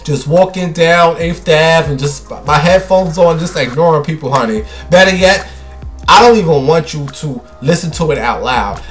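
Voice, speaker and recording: Man, young adult, solo show host, casual rambling chat, slightly high voice, dramatic, says honey a lot. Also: moderate pace, faint music behind. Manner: chatty and dramatic, calls listeners honey and baby.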